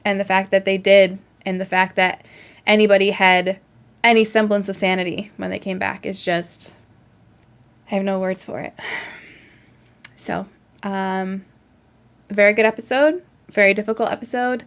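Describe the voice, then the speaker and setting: A woman's voice: medium pitch, flat delivery, normal speed, pauses often, smooth. A woman hosting a reaction video, talking casually in an earnest, emotional way and thinking aloud.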